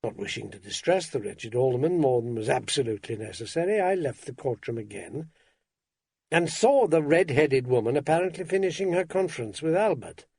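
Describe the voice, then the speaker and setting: Man, audiobook narration, wry, dry delivery, gravelly, close dry sound. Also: mid-range voice, lively intonation, a little fast, a little mellow, no room sound. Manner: dry, wry, first-person storytelling.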